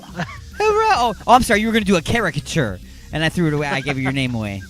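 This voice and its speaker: A middle-aged man hosting a call-in radio show from a studio, joking and rambling excitedly. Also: on the high side, rapid-fire. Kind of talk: casual call-in radio chat.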